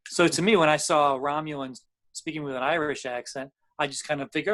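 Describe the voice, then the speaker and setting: Easygoing guy explaining stuff on a panel chat, slightly high voice. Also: steady tone, brisk, a bit bright. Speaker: panel guest. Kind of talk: casual panel discussion.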